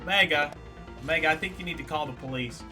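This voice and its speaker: A man's voice: fairly high pitch, fast talker, sharp tone, soft background music. A man casually commentating a game on a live stream, joking and teasing a viewer.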